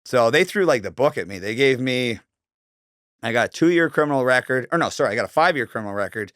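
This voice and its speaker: A young man tells a story loosely and animatedly, swearing freely and slipping into the voices of the people he quotes. His voice sits at an ordinary middle pitch. The recording is dry and close. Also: lively intonation, fast, fairly bright tone, dry recording. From Canada. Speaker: guest telling his life story. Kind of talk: casual storytelling.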